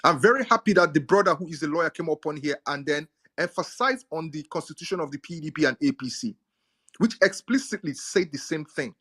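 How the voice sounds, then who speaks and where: A man's voice: fairly high pitch, expressive, brisk, fairly bright tone, breathy edge. A man explaining politics in a lecturing, emphatic way, repeating key words to stress them. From Nigeria. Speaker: speaker in a live audio chat room. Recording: audio chat stream.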